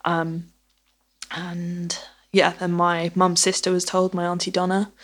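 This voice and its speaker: A woman's voice: lowish voice, monotone, measured pace, a bit bright. A woman telling a personal story in casual conversation, acting out the dialogue as she goes. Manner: chatty, acts out dialogue with "I was like".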